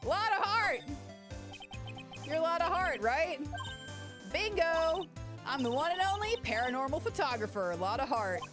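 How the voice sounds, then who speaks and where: A woman voicing a brash, excitable young woman photographer in a game, loud and full of exclamations. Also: sits high, moderate pace, music in the background, pitched above the performer's own voice. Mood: excited.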